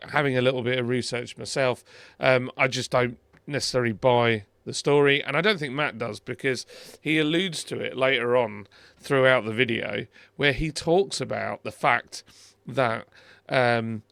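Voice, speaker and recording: A man's voice: medium pitch, creaky, a bit bright, no echo. A middle-aged British man hosting a car video, chatting casually and wryly over a screen recording, with many fillers and restarts.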